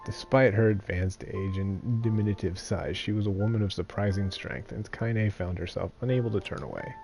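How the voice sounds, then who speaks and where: Low-voiced guy reading a novel live on stream, cracks jokes between lines, faint music behind. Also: moderate pace, creaky, a little mellow. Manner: plain narration broken by laughing, joking comments. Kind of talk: live reading with casual asides.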